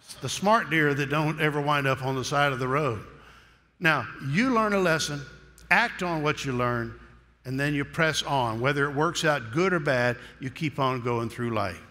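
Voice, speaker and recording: A man's voice: mid-range voice, moderate pace, bright, forceful tone, long reverb tail. A man preaching a sermon in a folksy, humorous storytelling manner.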